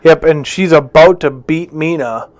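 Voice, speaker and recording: Chatty man with a higher voice. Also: darkish tone. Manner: chatty, jokey, quick to laugh. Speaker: podcast co-host. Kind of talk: casual movie recap chat.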